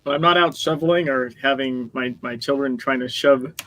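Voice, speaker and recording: A podcast co-host with a mid-range, fairly bright voice chats casually at a moderate pace, rambling and laughing frequently.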